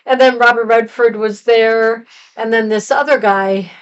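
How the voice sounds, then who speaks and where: A woman's voice: fairly high pitch, steady tone, a little slow, clean tone, muffled recording. A woman co-hosting a casual movie review chat, recapping the plot in a rambling way with lots of fillers. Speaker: podcast co-host.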